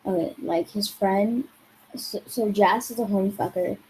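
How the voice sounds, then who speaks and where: Woman vlogger venting, mellow low-key tone, swears a lot, says like constantly, bit of faint hiss behind. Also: measured pace, rough recording. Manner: rambling and profane, heavy use of "like"; exasperated. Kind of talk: casual storytime rant.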